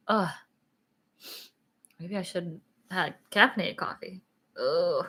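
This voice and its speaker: A woman's voice: lowish voice, slow pace, pauses often, a bit bright, breathy edge. A young woman vlogging in a rambling, chatty way, full of "like" and "um", sleepy and yawning. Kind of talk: casual sit-down vlog chat.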